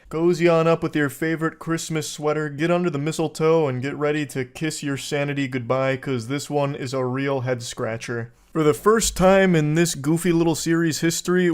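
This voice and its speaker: A man in his thirties hosting reaction commentary, reading dating texts aloud with incredulous, crude outbursts. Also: on the high side. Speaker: commentary host.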